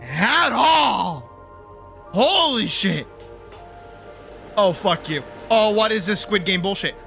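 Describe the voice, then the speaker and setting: A young male streamer ranting at a video game with a very high, bright, cutting voice. He swears constantly and breaks into screams and laughter. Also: lively intonation, slow pace, vocal fry, soft background music. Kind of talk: live gameplay commentary.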